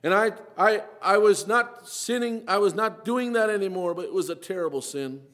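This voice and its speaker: A man giving an emotional sermon testimony, his delivery swinging from quiet and low to urgent, pleading intensity. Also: moderate pace. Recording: long hall reverb.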